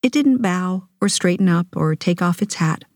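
A woman narrating a literary audiobook in an intimate first-person voice. Her pitch sits slightly low and her delivery is measured. The close studio recording is completely dry. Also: animated, darkish tone, dry recording.

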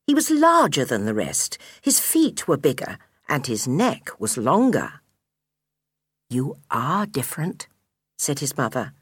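A woman reading a children's storybook aloud in an expressive, measured way. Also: extremely low pitch, husky, dry recording, clean studio sound. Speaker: audiobook reader.

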